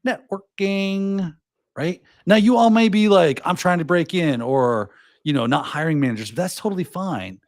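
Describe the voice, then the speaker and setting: A man's voice: a little high, fairly quick, no room sound, clean studio sound. A man hosting a casual live show, giving advice and acting out little quoted scenes as he talks. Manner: animated, acts out little scenes in quoted voices. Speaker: podcast host.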